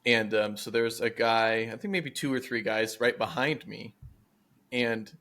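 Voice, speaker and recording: Brief: young male podcast co-host spinning a loose, animated anecdote. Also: medium pitch, unhurried. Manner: animated, rambling with many fillers. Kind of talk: casual storytelling chat.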